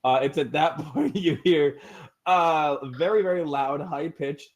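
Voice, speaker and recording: A man's voice: on the high side, unhurried. A man narrating as game master of a tabletop game, rambling and chuckling.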